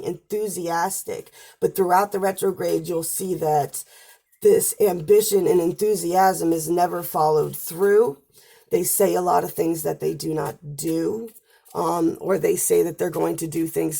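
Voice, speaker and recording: A woman's voice: lowish voice, vocal fry, warm tone, husky. A woman giving a casual spoken astrology and tarot forecast, chatty and talking straight to viewers, her voice wearing out as she goes. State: losing her voice.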